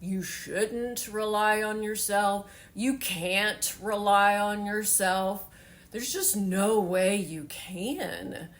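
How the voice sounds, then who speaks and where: Slow-talking emotional woman in her forties. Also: mid-range voice. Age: 40s. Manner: heartfelt, rambling with many fillers. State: tearful, emotional. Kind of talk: personal vlog storytelling.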